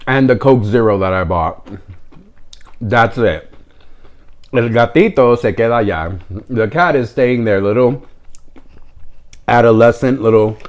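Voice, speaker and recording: A man telling a story in a casual, wry way, with sarcastic, deadpan asides. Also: medium pitch, measured pace, long pauses. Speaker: vlogger.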